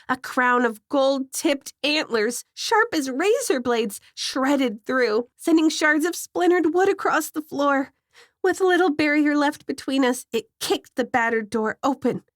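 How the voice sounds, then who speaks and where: A woman narrating a scripted horror story in a measured, suspenseful way, close to the mic. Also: sits high, no echo.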